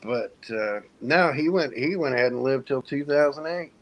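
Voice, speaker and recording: A middle-aged man from Indiana, a former soldier, tells a long story to friends in an easygoing, cuss-laden way. His voice sits at an ordinary middle pitch, and he drifts between plain narration and quick mimicry of other people. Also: animated, muffled recording, slight background noise. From United States (Indiana). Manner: profane, laid-back storyteller who mimics others. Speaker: military veteran storyteller. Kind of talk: casual storytelling in a group hangout.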